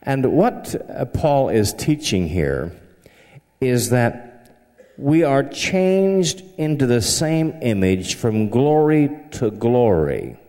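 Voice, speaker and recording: Man, Southern accent, pastor preaching, folksy and joking, slow unhurried delivery, lower voice that swings a lot, long hall reverb. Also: big pitch swings, warm tone. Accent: Southern American. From southern United States. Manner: folksy, humorous, tells anecdotes. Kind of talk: sermon.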